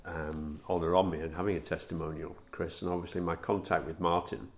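A middle-aged man, a former footballer, recalling anecdotes in a relaxed interview, chuckling at his own stories. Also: sits low, brisk, slight background noise. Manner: warm storyteller, chuckles at his own tales.

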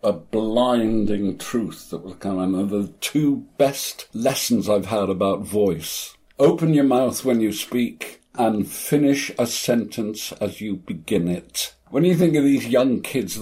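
Man in his eighties, mellow low-key voice, wry storyteller, some stammered restarts. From Cornwall, England. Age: 80s. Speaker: retired actor, interview guest. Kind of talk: conversational storytelling.

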